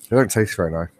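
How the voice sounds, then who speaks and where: A man's voice: low voice, slight background noise. A man co-hosting a podcast, joking, laughing often and rambling through stories. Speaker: podcast co-host. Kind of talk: casual chat. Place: at home on an online call.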